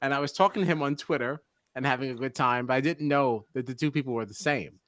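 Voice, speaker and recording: A man's voice: mid-range voice, quick pace, no echo. A man hosting a podcast, telling stories in casual chat with frequent laughter. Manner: animated, laughing storyteller. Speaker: podcast host.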